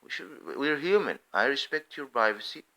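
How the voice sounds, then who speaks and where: A man giving an earnest monologue, speaking emphatically and pausing to restart his sentences. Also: mid-range voice, animated, pushed and bright, low-quality recording. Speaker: speaker giving a personal view.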